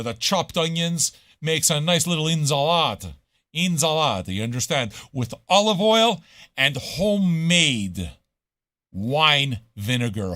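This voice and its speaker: A man's voice: on the high side, dry recording, studio quality. Profane ranting male radio host. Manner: profane, ranting, swings from loud to muttering. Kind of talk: casual live radio rant.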